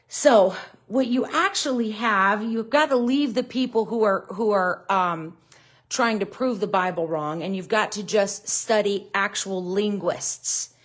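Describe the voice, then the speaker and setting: Slow-talking Southern woman teaching Bible. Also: medium pitch, fairly bright tone. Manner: unhurried, conversational, indignant at critics. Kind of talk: live-streamed Bible study.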